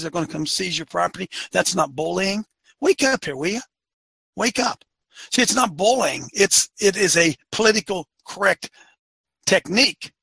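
A man's voice: high-pitched, creaky, bright, forceful tone, slightly rough, dry recording. A man delivering a fiery opinionated monologue as a show host, firing off rhetorical questions and repeating phrases for emphasis.

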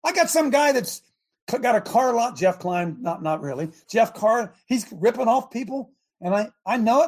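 A man's voice: extremely high pitch, expressive, moderate pace, husky. A middle-aged man hosting a show and preaching a conversational sermon, fervent and often checking that listeners follow him.

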